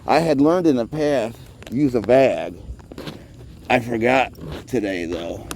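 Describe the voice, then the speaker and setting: This man, a street-cat caretaker, rambles through casual vlog narration while shooting the cats outdoors on a handheld phone, slightly winded. He speaks slowly in a creaky, somewhat mellow mid-range voice, and the audio carries a faint hiss or hum.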